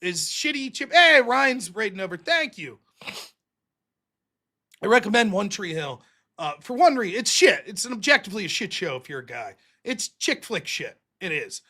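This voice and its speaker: A man's voice: high voice, very animated, moderate pace, sharp tone. A man hosting a livestream, talking casually in a rambling, profane, jokey way. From United States. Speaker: livestream host.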